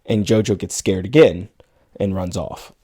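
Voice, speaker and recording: A podcast co-host recaps a movie casually, quoting characters here and there as he retells the story. His low-pitched voice is mellow and husky, moving at a moderate pace.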